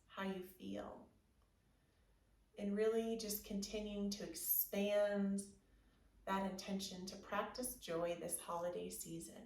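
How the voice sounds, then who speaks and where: A woman teaching a restorative yoga class, giving soft, soothing guidance and gentle affirmations. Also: mid-range voice. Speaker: yoga instructor. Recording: roomy, from a distance.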